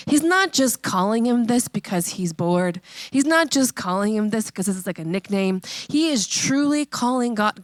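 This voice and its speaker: A woman in her thirties preaching a sermon, conversational and emphatic, repeating questions and slowing on key phrases. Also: medium pitch, lively intonation, no room sound. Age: 30s. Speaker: pastor.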